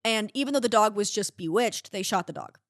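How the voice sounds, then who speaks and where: A woman's voice: medium pitch, a little fast, no echo, clean studio sound. A woman co-hosting a comedy podcast who chats casually, with lots of filler words. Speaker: podcast co-host.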